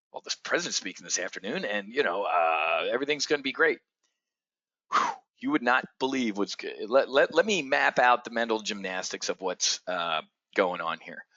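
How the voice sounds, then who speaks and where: A man with a bright, forceful voice runs a stock market briefing in a brash, irreverent way, swearing and hammering his points. The sound is dry and close, with a slightly dull, lo-fi tone. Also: mid-range voice, dry recording. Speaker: options trading host.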